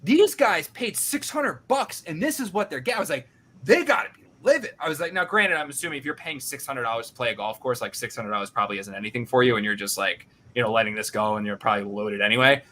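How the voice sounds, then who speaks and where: A young man hosting a podcast, telling a story in an animated, self-deprecating way and acting out what others said. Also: mid-range voice, quick pace, hardly any pauses. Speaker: podcast host. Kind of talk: casual storytelling.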